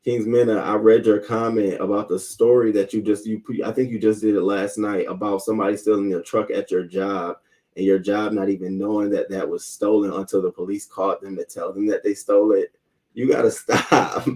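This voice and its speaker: A man's voice: fairly low pitch, fairly even intonation, normal speed, dark tone, recorded from a distance. Man ranting heatedly, set back from the mic. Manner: profane, heated storytelling, greets chat viewers. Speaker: host. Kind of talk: casual live-stream rant.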